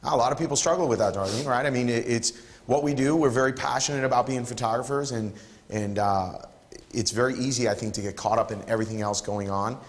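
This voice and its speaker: A man's voice: mid-range voice, fast, in a large hall. A man leading a photography workshop, encouraging and playful with an emphatic way of talking. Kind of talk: live workshop teaching.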